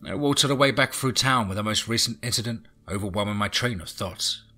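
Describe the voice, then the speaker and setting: A man reading a horror audiobook in a low, brooding way with whispered asides. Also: a little fast, sharp tone, faint music behind. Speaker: audiobook narrator.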